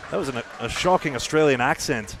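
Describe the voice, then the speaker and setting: A man's voice: medium pitch, a little fast, fairly bright tone, a little hiss or hum. A man giving live bowling commentary, chatty and self-deprecating, with asides between frames.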